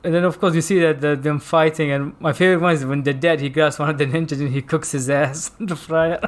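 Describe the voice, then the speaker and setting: A man speaking English as a second language, chatting loosely about a film. His voice sits fairly high, and he rambles, restarts and gropes for words as he goes. He laughs a lot while he talks. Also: fairly even intonation, quick pace. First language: not English. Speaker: podcast co-host reviewing a film. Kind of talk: casual chat.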